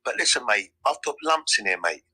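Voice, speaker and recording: London guy, quick and pushy, raspy bright voice, keeps going mate mate mate. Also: medium pitch, sing-song, poor audio. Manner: insistent, says "mate" constantly, repeats himself. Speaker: crypto community member. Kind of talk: heated live audio chat.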